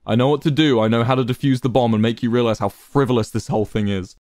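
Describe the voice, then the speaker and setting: A man voicing a calm, gentle young man who speaks steadily and softly in a read-aloud story. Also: mid-range voice, fast, no room sound, studio quality, close to an everyday voice.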